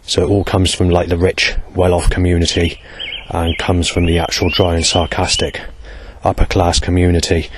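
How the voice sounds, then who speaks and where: Low-voiced hesitant man. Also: a little hiss or hum. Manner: hesitant, digressive, many fillers and restarts. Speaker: vlogger. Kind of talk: rambling monologue.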